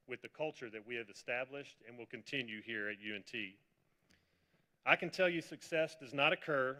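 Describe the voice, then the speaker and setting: A man giving a formal introduction at a press conference, speaking in a measured way. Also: mid-range voice, pushed and bright, long reverb tail. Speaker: athletic director. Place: large hall at a press conference.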